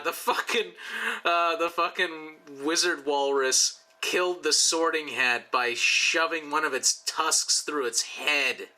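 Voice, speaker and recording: A male YouTuber who's had a few drinks draws commissioned artwork, rambling casually with jokes and profane asides. He has a fairly high, bright, forceful voice, recorded in low quality.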